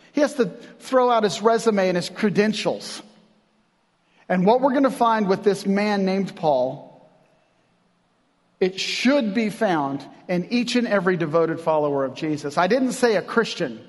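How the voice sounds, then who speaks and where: High-voiced pastor preaching in a reverberant hall. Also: male voice, moderate pace. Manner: animated, conversational preaching with acted-out quotes. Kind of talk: sermon. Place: church.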